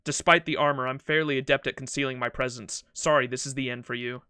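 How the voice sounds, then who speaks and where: A man's voice: medium pitch, steady tone, fast, bright, forceful tone, clean tone, no room sound, clean studio sound, natural voice. A man voicing a proud, courteous knight swordsman from a game, reading his lines in a formal, solemn way.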